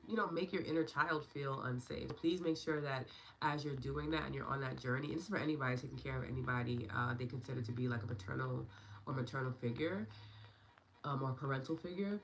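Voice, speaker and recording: Leading a livestream on meditation and EFT, a woman in her thirties chats casually, affirming her viewers and replying to their comments by name. She has a very deep voice with vocal fry, captured in a low-quality recording with slight hiss or hum.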